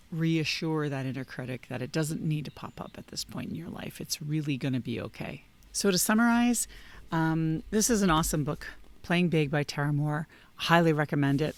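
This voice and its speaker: A man hosting a leadership channel, talking casually and encouragingly about handling your inner critic. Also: on the high side. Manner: earnest and encouraging, with casual restarts. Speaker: leadership coach and channel host. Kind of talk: casual talking-head book review.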